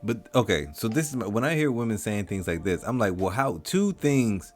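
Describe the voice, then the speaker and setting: Lowish-voiced guy ranting over clips, repeats himself, soft music under it. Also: expressive, fast. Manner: mocking, emphatic, repeats himself. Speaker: commentary host. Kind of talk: reaction commentary.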